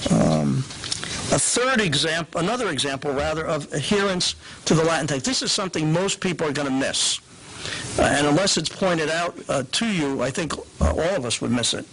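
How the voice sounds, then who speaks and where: Man explaining liturgy, fairly high voice. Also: expressive, a bit bright, a little hiss or hum, rough recording. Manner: reads prayers aloud slowly, checks in with "right?". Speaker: teacher on liturgy. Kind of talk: explanatory lecture.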